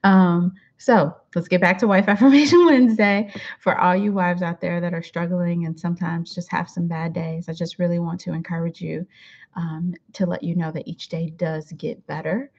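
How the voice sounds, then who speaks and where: A middle-aged woman with a low-leaning voice and a completely flat delivery at a moderate pace hosts her weekly affirmation show from a room at home. Though warm-hearted and quick to laugh, she chats casually to the camera with many fillers, and the recording sounds dull and lo-fi.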